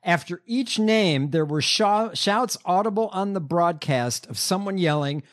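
A man co-hosting a political chat show who reads news aloud and adds dry jokes. His voice sits high. His pitch is animated. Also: unhurried. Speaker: podcast co-host.

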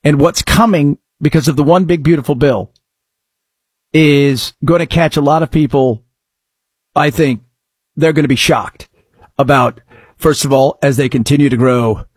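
A middle-aged man hosting a talk show, speaking sarcastically and breaking into mock shouts. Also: fairly high pitch, steady tone, normal speed, long pauses, husky, no room sound, clean studio sound. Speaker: radio talk show host. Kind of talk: sarcastic political talk commentary.

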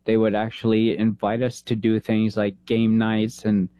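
A man in his thirties, a veteran, telling an emotional personal story in an interview, earnest and halting, holding back tears. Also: fairly low pitch, monotone, clean tone, no room sound, highs cut off. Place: San Antonio, Texas.

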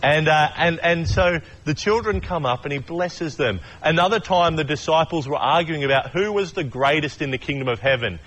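A young adult man gives a relaxed, conversational sermon, with a voice sitting a little higher than most men's. He tells stories in a chatty way and slips into quick voices for the people in them. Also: low-quality recording. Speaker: pastor. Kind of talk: casual sermon.

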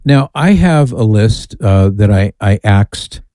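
A man hosts a casual call-in radio talk show, chatty and amused as he reads listener emails aloud. His voice is lowish, animated, and dark, at a measured pace, in a dry recording.

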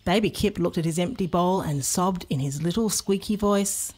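A woman narrating a children's storybook in a playful, expressive way. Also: on the low side, normal speed, slightly rough.

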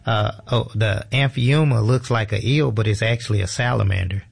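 A man's voice: on the low side, normal speed, gravelly, breathy edge. A man working as a museum educator, a guest on a radio interview who explains things in an easygoing way.

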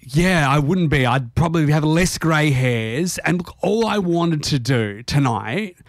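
A man's voice: a little high, expressive, measured pace, no echo. Exasperated man, dry sound. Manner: exasperated, put-upon. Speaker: podcast co-host. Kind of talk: comedy podcast banter.

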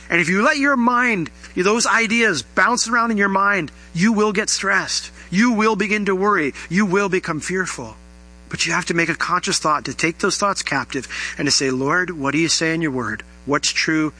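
Bright-voiced man preaching with animated rises. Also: moderate pace, poor audio. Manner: animated preaching, rising pitch on questions. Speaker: pastor. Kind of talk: sermon.

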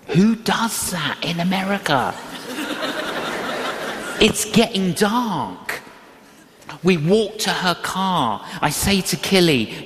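Slow, emphatic older preacher in a hall. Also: medium pitch, very animated, a bit bright, slight background noise. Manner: emphatic, repetitive, slow delivery. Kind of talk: sermon with storytelling.

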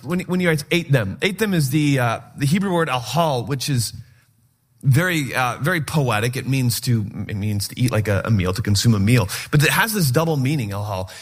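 A man's voice: a little high, moderate pace. A man in his forties preaching a sermon, joking and acting out his own reactions as he tells stories. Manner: animated, joking storyteller who acts out his own reactions. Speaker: pastor.

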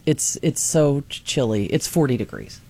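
A chatty woman in relaxed conversation who laughs readily. Her sentences wander, break off and start again as she tells her stories. The talk is unhurried and unscripted. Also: a bass voice. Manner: chatty, laughs often, trails off mid-sentence. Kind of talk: casual chat.

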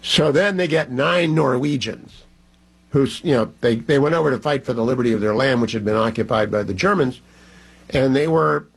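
A man's voice: medium pitch, slightly rough, poor audio. A man hosting a talk radio show, telling a story in a conversational, digressive way with fillers and restarts. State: clearing his throat, slightly choked.

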